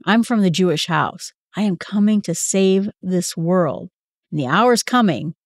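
A woman's voice: on the low side, expressive, measured pace, no room sound, studio quality. A woman voicing an earnest, authoritative teacher. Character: calm, authoritative man as a teacher.

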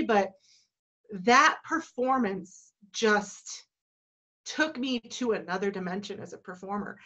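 Warm-hearted, teary woman in her forties from Colorado: emotional storytelling with restarts, over a dull, muffled video-call line. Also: fairly high pitch. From Colorado, USA. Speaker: entertainment company owner. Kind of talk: reflective storytelling in a virtual talk.

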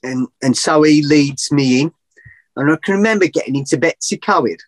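A middle-aged man telling a long story as a podcast guest, animated and rambling, often laughing at himself. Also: fairly high pitch, moderate pace, no room sound. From England. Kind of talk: casual storytelling.

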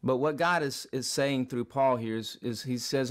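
A man's voice: mid-range voice, moderate pace. A man giving a daily devotional Bible teaching in a vlog, speaking earnestly with repeated phrases and occasional restarts. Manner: earnest, repetitive preaching cadence with restarts. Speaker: vlogger preacher.

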